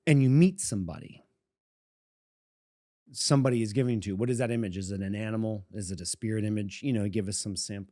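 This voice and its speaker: A man's voice: lowish voice, a little mellow, dry recording, clean studio sound. A man in his forties from Boston, co-hosting a podcast and telling a long personal story in a meandering way, chuckling often. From Boston, USA. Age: 40s. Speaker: podcast co-host. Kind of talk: casual storytelling.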